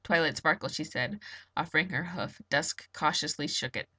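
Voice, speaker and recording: A woman's voice: low-pitched, normal speed, bright, forceful tone, breathy edge. A young woman reading fan fiction aloud, doing voices for the characters, stumbling over words and laughing at her own slips.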